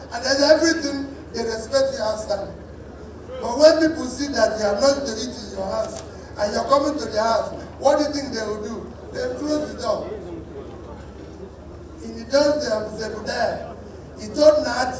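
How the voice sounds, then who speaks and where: A man's voice: very high voice, normal speed, noisy background. A man with a Nigerian accent giving an emphatic political speech at a dinner event, repeating key lines for force. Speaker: political speaker. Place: large dinner event hall. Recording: echoey hall, voice from far off.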